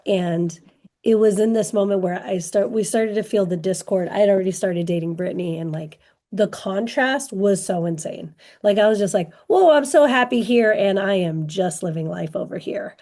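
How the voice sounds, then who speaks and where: A woman hosting a casual podcast conversation, speaking candidly with thoughtful pauses. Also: medium pitch, warm tone.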